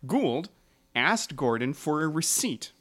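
Lively man telling a history story. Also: on the high side, takes it slowly. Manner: laughing, storytelling with asides. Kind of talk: casual storytelling chat.

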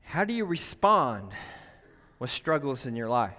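A man's voice: mid-range voice, sing-song, a little slow, pushed and bright. A man preaching a sermon to his church, emphatic, often asking "right?" to the room. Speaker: pastor. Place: church sanctuary. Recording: long hall reverb.

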